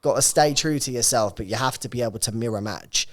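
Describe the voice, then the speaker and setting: Man, podcast co-host, casual chatty storyteller, mid-pitched voice. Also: fast.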